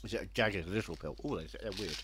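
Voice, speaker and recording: A man's voice: low voice, fast talker, fairly bright tone, slight background noise. A man co-hosting a casual film chat podcast, sardonic and teasing, sometimes talking while chewing. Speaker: podcast co-host. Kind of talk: casual chat about films.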